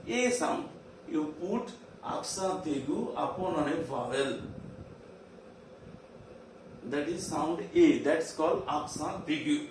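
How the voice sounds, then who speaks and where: A man with an Indian English accent teaching a virtual class, drilling terms slowly and repeating them. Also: fairly high pitch, animated. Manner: slow, repetitive drilling of terms. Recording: echoey room, far from mic, faint hiss.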